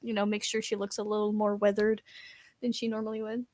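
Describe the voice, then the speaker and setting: A woman's voice: medium pitch, completely flat delivery, a little fast, darkish tone, no echo. A woman playing a tabletop game, describing her character in a chatty way heavy with fillers. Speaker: player. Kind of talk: casual tabletop play.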